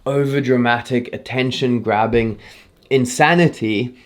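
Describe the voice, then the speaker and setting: A man talking straight to camera in a casual tutorial. He sounds relaxed and chatty, and he shifts his speed and emphasis to drive his points home. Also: medium pitch, measured pace. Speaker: YouTube creator teaching on-camera presenting.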